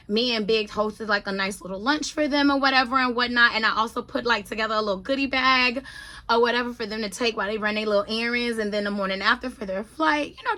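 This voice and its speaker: A woman in her thirties gives a casual vlog update in a bright, high voice. She tells her stories in an animated way and keeps speaking to her viewers as "y'all," slipping into relaxed vernacular. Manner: chatty, animated storytelling, addresses viewers as y'all. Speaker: vlogger.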